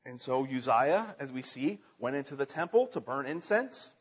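Male preacher reading and expounding scripture, husky high voice, dull lo-fi recording. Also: animated, normal speed, few pauses, big-room sound. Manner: earnest, reading aloud with small slips and restarts.

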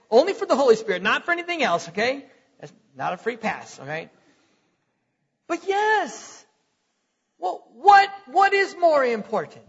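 High, bright-voiced preacher in a hall. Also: male voice, vocal fry, breathy edge. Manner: conversational, repeats words, chuckles between points. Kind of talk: sermon. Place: church hall. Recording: lo-fi recording in a reverberant hall.

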